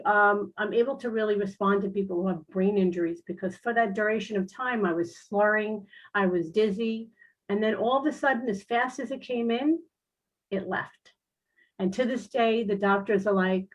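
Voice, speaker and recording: A woman's voice: mid-range voice, moderate pace, lo-fi sound. Chatty middle-aged woman telling stories. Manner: chatty and earnest, many fillers. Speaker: spiritual guest speaker. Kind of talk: casual personal storytelling. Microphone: online talk show.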